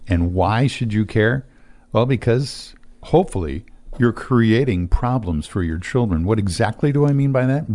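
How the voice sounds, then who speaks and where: Low-voiced man explaining finances. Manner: explanatory, steady, with frequent fillers. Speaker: financial advisor. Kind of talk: casual radio talk show chat.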